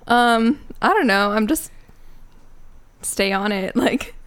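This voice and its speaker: Woman guest, smooth clear voice, halting and giggly, lots of "like". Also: a little high, a bit bright. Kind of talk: casual chat.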